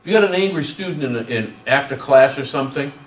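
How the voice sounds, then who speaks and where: A man with a mid-range voice and quick pace gives a humorous workshop presentation as a guest speaker on student service. Animated, he acts out little dialogues as he goes. The distant mic captures a roomy hall.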